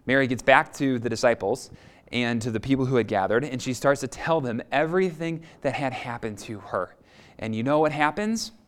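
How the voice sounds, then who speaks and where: Expressive male preacher retelling a story. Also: moderate pace, smooth. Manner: storytelling, expressive, lively pitch swings. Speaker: pastor. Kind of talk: sermon.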